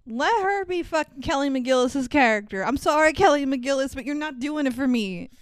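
A woman's voice: high voice, expressive, moderate pace. A woman co-hosting a casual movie podcast, blunt and sarcastic, swearing often. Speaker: podcast co-host.

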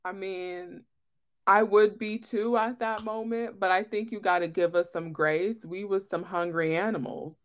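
A young woman chatting casually with her best friend, teasing and blunt, with loud animated bursts. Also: mid-range voice, a little slow, smooth. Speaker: podcast guest, best friend. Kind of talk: casual chat.

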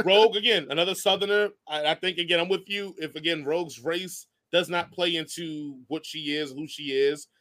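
A man co-hosting a podcast in casual chat, animated and laughing often. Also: on the high side, normal speed. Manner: animated, laughs often, breaks into silly voices. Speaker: podcast co-host.

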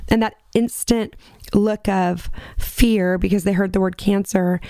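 A woman's voice: medium pitch, steady tone, unhurried, dark tone, no echo. A woman in her forties, a singer, telling a personal faith story as an interview guest, acting out what people said with laughs. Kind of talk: personal testimony in a podcast interview. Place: lives in Nashville.

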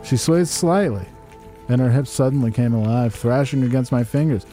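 A man's voice: mid-range voice, moderate pace, soft background music. Man reading aloud in mock solemnity. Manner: deadpan mock-solemn reading, breaking into laughs. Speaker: podcast host. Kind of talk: comedic reading aloud of an erotic letter.

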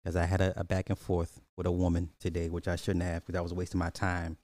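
A man's voice: low voice, completely flat delivery, fast talker, darkish tone, dry recording. A man hosting a casual live podcast, rambling through movie box office talk and answering chat comments with frequent restarts.

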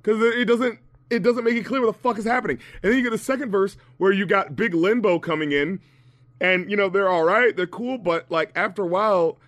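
A man's voice: high voice, fairly quick, no room sound, studio quality. A man talking as a podcast guest, rambling and swearing as he tears apart an album in casual chat. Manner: profane, rambling, animated.

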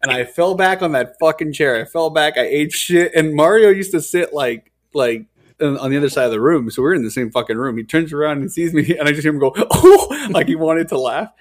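A man's voice: a little high, fairly quick. A young man hosting a casual podcast chat, telling a story animatedly, full of profanity and words like dude and hella.

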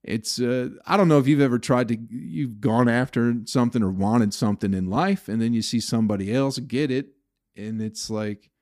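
A man's voice: medium pitch, moderate pace, darkish tone, no echo, clean studio sound. A man hosting his own podcast, venting in a profane, bitter, rambling way about the comedy business. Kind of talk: casual solo podcast rant.

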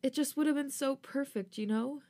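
A woman's voice: sits high, moderate pace, dark tone, pitched above the performer's own voice. A woman voicing a tearful young wife who speaks in a shaky, sobbing voice, in a read-aloud story.

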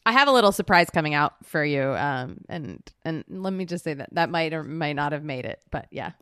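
Lively chatty woman podcast co-host. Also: sits low, brisk, smooth, dry recording, studio quality. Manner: animated, laughing, swears freely. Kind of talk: casual chat.

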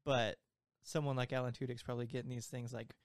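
A man co-hosting a podcast who talks in a relaxed, easygoing way and chimes in with laughs and agreement. His voice is at a middle pitch and the sound is dry and close. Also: fast, dry recording. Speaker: podcast co-host. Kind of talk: casual chat.

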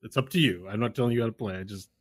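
A man narrating as game master of a tabletop game, animated and often laughing as he describes events. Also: on the low side, rapid-fire.

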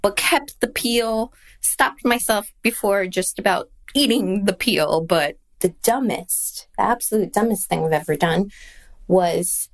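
A woman recounting a funny personal anecdote in a wry, animated way. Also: medium pitch, unhurried. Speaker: mother sharing a story. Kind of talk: casual anecdote.

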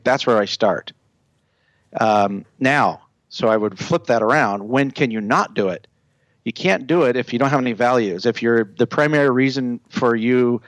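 A man's voice: mid-range voice, dry recording. Man talking branding, dry close sound. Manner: confident, explains in lists. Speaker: branding consultant, guest. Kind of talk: casual podcast conversation.

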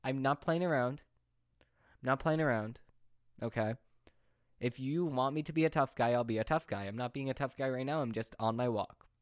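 This is a dry recording of a teen vlogger with a medium-pitched voice at a normal pace. Speaking casually to camera, he goes on an exasperated rant that rambles and repeats itself.

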